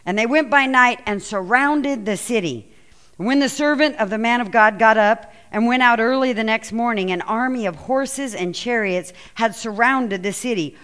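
Animated woman preaching a sermon. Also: mid-range voice, moderate pace, clean tone. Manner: animated storytelling, acts out quoted lines. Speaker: pastor. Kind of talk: sermon with scripture reading.

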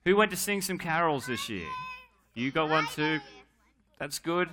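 A man's voice: a little high, expressive, measured pace, crowd noise. A man leading a playful, joking children's talk at a church service, coaxing kids to answer.

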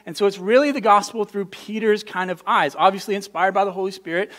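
A man with a notably high voice preaches in a relaxed, conversational way. He is earnest and emphatic, stumbling over and repeating words as he presses his points. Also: quick pace. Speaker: pastor. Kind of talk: conversational sermon.

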